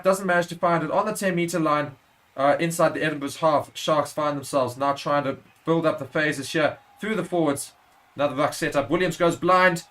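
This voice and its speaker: A man's voice: fairly high pitch, pushed and bright. A man giving live play-by-play commentary on a rugby match for a watchalong stream, correcting himself as he goes and rising sharply at big moments.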